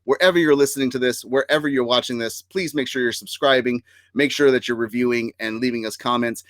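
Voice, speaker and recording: A man's voice: mid-range voice, fairly even intonation, a little fast, fairly bright tone, no echo. A man hosting a casual live-streamed nerd podcast, upbeat and chatty, laughing often and using fillers. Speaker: podcast host.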